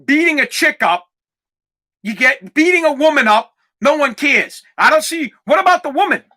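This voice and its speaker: A man's voice: very high-pitched, lively intonation, normal speed, pushed and bright. A young adult man hosting a podcast, ranting in a heated, profane way and repeating words when worked up. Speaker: podcast host. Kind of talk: casual ranting monologue.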